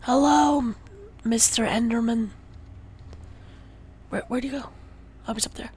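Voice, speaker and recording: A young woman streaming a game, chatting casually and shifting between hushed muttering and excitable talk. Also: fairly high pitch, a little slow, husky. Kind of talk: casual gameplay livestream chat.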